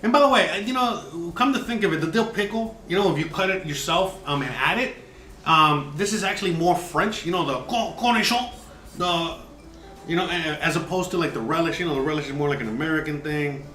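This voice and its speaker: A man's voice: on the high side, brisk, sharp tone, echoey room, poor audio. Joking, chatty man cooking live. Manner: chatty and joking, many "you know"s. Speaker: cooking show host. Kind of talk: casual live cooking demo. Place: home kitchen.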